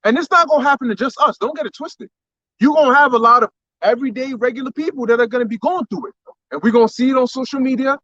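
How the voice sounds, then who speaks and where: A man's voice: very high voice, fast talker, a bit bright, no echo. A man in casual talk with a co-host, speaking emphatically and quoting scripture. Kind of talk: casual religious talk chat. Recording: dull lo-fi sound.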